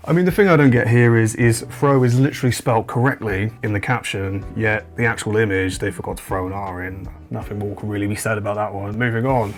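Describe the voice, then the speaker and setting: Wry, chuckling man. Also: fairly low pitch. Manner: wry, incredulous, chuckles often. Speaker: host. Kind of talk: comedic commentary.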